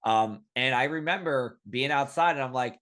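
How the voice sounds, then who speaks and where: A man's voice: medium pitch, normal speed, fairly bright tone. A man hosting a weather podcast, talking casually and rambling with lots of fillers. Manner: chatty, rambling, filler-heavy. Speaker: podcast host.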